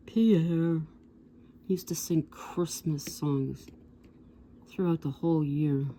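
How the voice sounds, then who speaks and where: Slow, low-voiced woman in her 60s. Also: fairly even intonation, mellow, a little hiss or hum. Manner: rambling, digressive, with asides to viewers. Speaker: vlogger. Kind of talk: casual storytelling.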